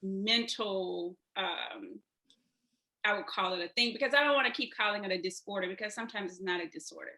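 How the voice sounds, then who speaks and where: A woman's voice: mid-range voice, fairly quick, pushed and bright. A woman co-hosting an interview who hunts for her words as she asks a question. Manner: searching for words while asking. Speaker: interview co-host.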